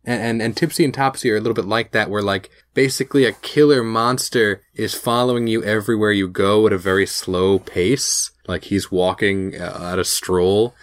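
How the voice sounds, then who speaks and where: Podcast co-host, male, lowish voice, loose rambling delivery, dry booth sound. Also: fairly even intonation, moderate pace, hardly any pauses, no echo. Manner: rambling, full of fillers and restarts. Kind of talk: casual recap chat.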